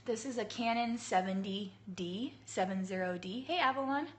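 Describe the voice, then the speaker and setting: A woman in her thirties, hoarse from a cold, chatting casually to viewers while she sets up her cake workshop on a phone livestream. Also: normal speed. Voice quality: husky, low. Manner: chatty, laughing, greets viewers by name. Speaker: cake artist hosting a livestream. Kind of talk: casual live-stream chat.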